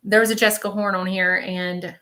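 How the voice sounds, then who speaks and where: A woman speaks at medium pitch, fairly quickly, with a flat delivery and a sharp tone. She is giving a live-stream reading as a spiritual medium, hesitantly feeling her way through visions in the present tense. Her talk rambles, and she frequently checks in with "okay?"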